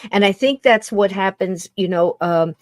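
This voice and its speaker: A woman's voice: medium pitch, normal speed, dry recording. A woman hosts a podcast in loose, chatty conversation. She rambles and stumbles over her own words. Her voice sits mid-range and sounds dry and close. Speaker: podcast host. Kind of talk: casual conversation.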